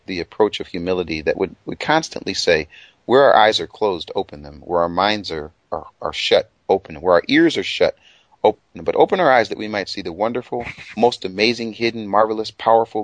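An animated man whose pitch leaps up and down as he gets excited about a text. He laughs often while he talks, and the close, dry recording has no room sound at all. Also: dry recording, poor audio. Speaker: co-presenter. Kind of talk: radio Bible discussion.

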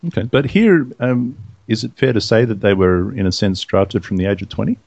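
A man's voice: fairly low pitch, fairly quick, gravelly, a little mellow, no room sound. A man with an Australian accent hosting a casual podcast chat in a joking, playful way. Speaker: host. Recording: dull, lo-fi audio.

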